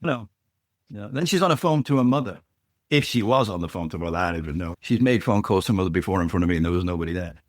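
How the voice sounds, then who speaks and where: A guest author on a podcast tells a long personal anecdote in a low, racing voice, acting out the people he quotes and tagging lines with "right?" to check in. The studio recording is clean, with no room sound.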